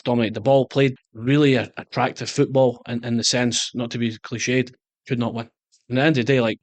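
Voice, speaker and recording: Scottish man, fast storytelling. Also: medium pitch, no echo. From Scotland. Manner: animated anecdotes, jumps into quoted voices. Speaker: guest, soccer coach. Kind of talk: casual interview storytelling.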